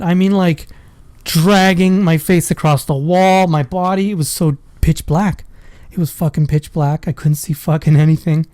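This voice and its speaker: A man's voice: a little high, warm tone, no room sound. A man, a father, casually telling a personal story in a rambling, profane way. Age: adult with a school-age daughter. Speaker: vlogger.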